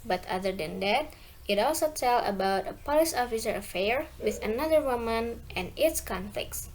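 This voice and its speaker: A woman's voice: fairly high pitch, animated, normal speed, low-quality recording. A young woman from Indonesia, a university student, giving a recorded class presentation on pronunciation and reading words out one by one. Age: young adult.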